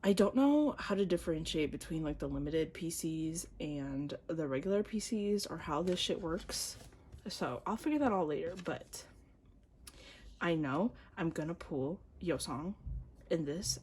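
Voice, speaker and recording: A woman's voice: deep voice, lively intonation, measured pace, darkish tone, slight background noise. A young woman, casually gushing and gasping as she unboxes an album, often dropping to a whisper. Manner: gushing fan, gasps and squeals, slides into whispers.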